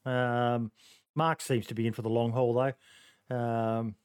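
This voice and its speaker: Australian man, podcast host, clear resonant voice, halting, joking. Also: medium pitch, little pitch movement, a little mellow. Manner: hesitant, lots of ums, joking. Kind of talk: casual podcast chat.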